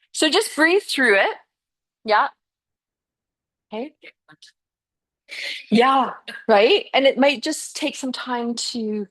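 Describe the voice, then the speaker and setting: A middle-aged woman leads a yoga class in a chatty, encouraging way. She talks students through each movement and fills the gaps with easy "yeah"s and "okay"s. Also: fairly high pitch. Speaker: yoga teacher. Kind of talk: live guided yoga class.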